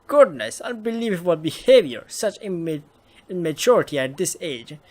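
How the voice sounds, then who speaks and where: A man's voice: sits high, sing-song, moderate pace, voice pushed up. A man voicing a prim woman who scolds in an exasperated tone. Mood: scolding.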